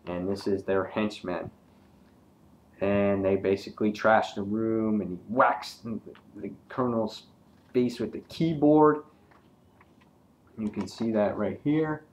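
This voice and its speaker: A man's voice: on the low side, takes it slowly, long pauses, darkish tone, a little hiss or hum. A man giving a casual, hesitant comic book review, talking through pages with many ums and uhs.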